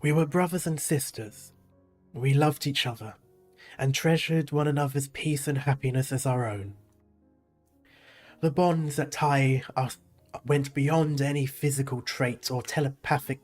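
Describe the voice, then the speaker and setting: A man voices an aged, remorseful priest who speaks slowly and gravely, with a faint tremble in his delivery. His pitch sits in an ordinary middle range. Quiet game music plays underneath. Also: natural voice. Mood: solemn. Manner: slow, solemn reading with a slight shake. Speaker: game player reading dialogue aloud.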